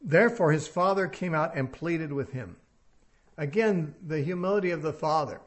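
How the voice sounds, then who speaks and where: A man's voice: fairly high pitch, expressive, normal speed. A man giving a verse-by-verse Bible teaching, reasoning aloud and putting rhetorical questions to his listeners.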